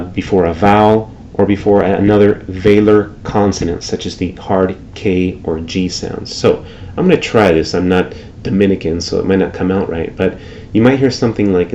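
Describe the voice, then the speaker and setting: A man teaching Spanish dialect differences in a lecture, slowly repeating example phrases. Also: on the low side, mellow, muffled recording, a little hiss or hum.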